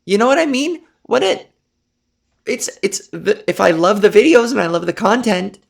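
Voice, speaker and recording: Exasperated ranting woman with gravelly fry. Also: mid-range voice, expressive, moderate pace. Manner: exasperated ranting, breathy put-on delivery. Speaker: comedian podcast host. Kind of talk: improvised comedic monologue.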